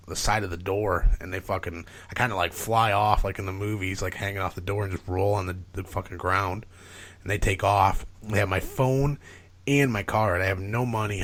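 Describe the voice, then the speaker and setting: A man, a podcast guest, telling a long, rambling story in casual chat, swearing freely and filling gaps with "like" and "you know". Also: on the low side. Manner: profane, rambling, animated retelling with filler words.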